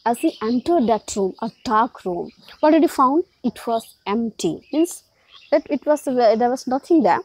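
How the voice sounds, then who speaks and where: High-voiced woman teacher. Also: mellow, no room sound, low-quality recording. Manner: repeats and explains with questions. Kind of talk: reading a story and explaining it to a class.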